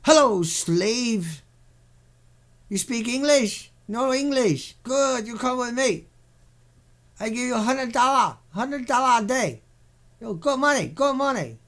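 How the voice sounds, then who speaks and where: A man's voice: very high-pitched, animated, slow pace, a bit bright, full character voice. A man voicing a pushy male recruiter who lures workers off the street with broken, falsely reassuring talk. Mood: coaxing.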